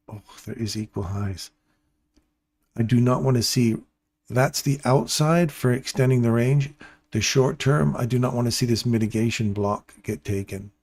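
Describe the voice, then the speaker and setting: A man with a voice of ordinary pitch hosts a live trading stream. He keeps up a loose, joking running commentary and calls out to his viewers by name. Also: darkish tone. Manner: playful, chatty, addresses viewers by name. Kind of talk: casual live commentary to chat.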